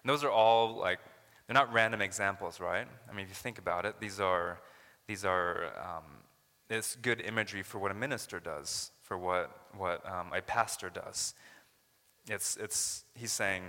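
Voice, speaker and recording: A man's voice: deep voice, normal speed, sharp tone, long reverb tail. A man from Canada preaching a sermon as a pastor, earnest and building to emphatic paraphrases of scripture.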